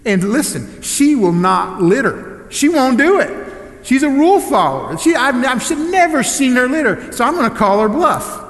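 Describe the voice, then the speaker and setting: A man in his thirties preaching a sermon in a church, telling a personal story and moving from loud to hushed delivery. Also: very high voice, big pitch swings, normal speed. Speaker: pastor. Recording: echoey hall with long reverb.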